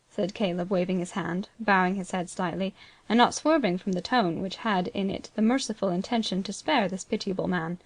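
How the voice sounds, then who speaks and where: A woman's voice: mid-range voice, fairly quick, no room sound. Woman narrating a classic novel. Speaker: audiobook narrator. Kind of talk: scripted narration.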